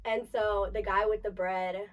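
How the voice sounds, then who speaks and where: A young woman co-hosting a podcast, telling club stories in casual chat with an animated, profane delivery. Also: medium pitch, measured pace, distant mic. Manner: animated, profane, bursts of laughter. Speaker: podcast co-host.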